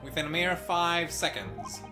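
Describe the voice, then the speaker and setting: A man voicing a pompous, eccentric gentleman detective, reading game dialogue theatrically. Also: a little high, animated, unhurried, voice pushed up. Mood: smug. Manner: theatrical, grandiose, gloating. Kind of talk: voice acting a game's dialogue. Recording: music playing behind.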